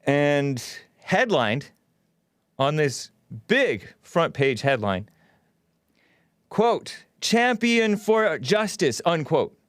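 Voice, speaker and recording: A man's voice: mid-range voice, clean tone, no echo, studio quality. A man hosting a live-streamed talk show, chatting casually and reading viewer comments aloud. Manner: animated, reads chat comments aloud with laughs.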